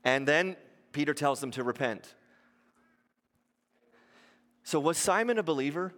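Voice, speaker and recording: A man's voice: on the high side, animated, measured pace, fairly bright tone. A man preaching a sermon as pastor, posing rhetorical questions and acting out quotes in shifting voices. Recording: long hall reverb.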